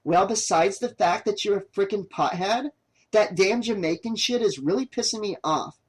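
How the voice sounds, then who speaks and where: A man's voice: high-pitched, normal speed, husky, voice pushed up. Man voicing a snappy young woman filmmaker. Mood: exasperated. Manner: exasperated, snappy. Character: pushy young woman documentary maker, short-tempered.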